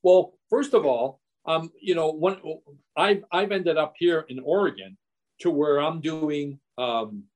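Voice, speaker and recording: Brief: man in his sixties, guest investor, lively storyteller with restarts, voice on the higher side. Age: 60s. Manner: animated, quick anecdotes with many restarts. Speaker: real estate investor guest. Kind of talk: storytelling in a podcast interview.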